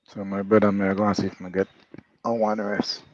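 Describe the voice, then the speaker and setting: A man with a Jamaican accent, guesting on a livestream and coaching in an easygoing, relaxed way. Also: fairly low pitch, brisk. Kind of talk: casual livestream chat. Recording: dull, dry lo-fi call audio.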